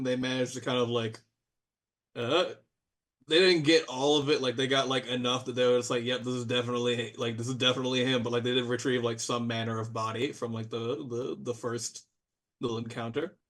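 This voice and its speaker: A man's voice: medium pitch, fairly even intonation, moderate pace, fairly bright tone. A man as game master narrating a tabletop game in a loose, chatty way, full of fillers and playful exclamations.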